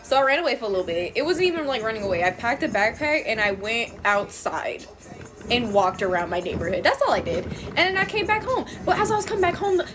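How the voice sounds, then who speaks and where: A young woman telling casual stories in a blunt, profane and animated way. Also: a little high, fast talker, noisy background. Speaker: storyteller. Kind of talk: casual storytime.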